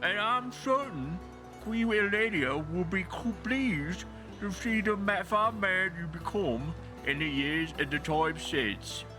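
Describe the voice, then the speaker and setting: A man's voice: fairly high pitch, sing-song, moderate pace, few pauses, pitched above the performer's own voice, rough recording. A man voicing a devoted, formal older male knight, reading game dialogue aloud in old-fashioned courtly speech. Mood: earnest. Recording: game music playing behind.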